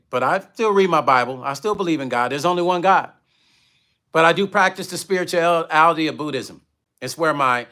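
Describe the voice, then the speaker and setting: A man hosts a candid livestream, speaking in a slightly high, bright, forceful voice. He tells stories bluntly and with animation, breaking off to read viewer comments aloud. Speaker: livestream host and musician.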